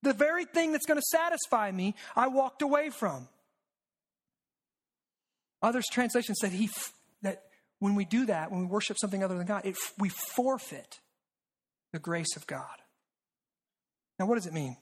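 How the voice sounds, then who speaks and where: A preacher giving a sermon who repeats phrases, asks "right?" often, and sinks low and quiet to stress a point. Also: lively intonation, moderate pace, pauses often. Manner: rhetorical and repetitive, with frequent "right?" asides; drops low and quiet for emphasis.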